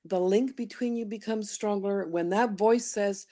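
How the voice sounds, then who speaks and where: A woman's voice: medium pitch, lively intonation, normal speed, hardly any pauses, dark tone. A middle-aged woman from Canada, a voice workshop leader, telling her story in an interview and acting out her inner voice in playful asides. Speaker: guest, studio founder and voice workshop leader. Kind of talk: conversational interview.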